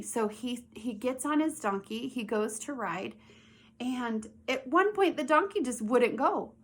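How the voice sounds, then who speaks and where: A young woman with a fairly high voice teaches children a Bible lesson at a moderate pace. She retells the story with animation and asks the kids questions.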